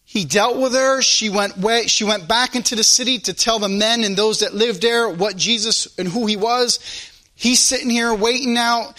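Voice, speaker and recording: A man preaching a sermon in church, his voice rising and dropping sharply in loudness as he goes. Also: very high-pitched. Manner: preaching with sudden rises and drops in loudness. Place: church service.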